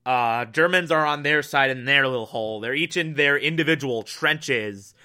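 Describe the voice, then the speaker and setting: A man's voice: medium pitch, normal speed, sharp tone, clear, resonant tone. A young man casually reviewing a TV episode, enthusiastic and rambling, with lots of fillers and mild swearing.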